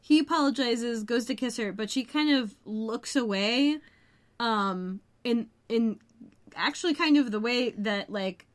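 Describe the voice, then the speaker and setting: Chatty jokey woman podcaster, higher voice. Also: measured pace. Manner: chatty, jokey, tangents and side comments. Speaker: podcast co-host. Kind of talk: casual chat recapping a TV episode.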